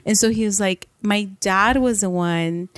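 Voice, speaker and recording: A young woman co-hosting a casual podcast chat, telling stories with lively acted-out quotes. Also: a little slow. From Mexican-American family. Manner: animated storyteller, acts out quotes in high voices. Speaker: podcast co-host.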